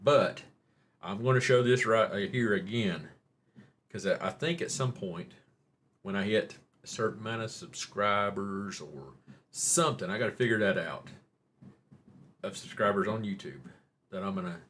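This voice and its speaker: Rambling Oklahoma-accented man, low voice. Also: normal speed, pauses often, fairly bright tone, slight background noise. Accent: Oklahoma Southern. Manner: rambling and folksy, jokes with chat, says y'all. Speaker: live stream host. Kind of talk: casual live stream chat.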